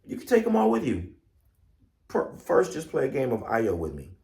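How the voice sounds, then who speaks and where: A man voicing a calm, wise old male deity of divination in a measured, wry tone, told in an echoey room. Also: medium pitch, gravelly, background noise, voice pushed up.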